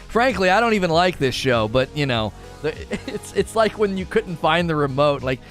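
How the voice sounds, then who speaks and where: Animated, high-pitched male streamer. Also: unhurried, faint music behind. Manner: animated, laughs often, slips into playful character voices. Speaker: streamer answering chat. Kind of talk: casual live-stream chat.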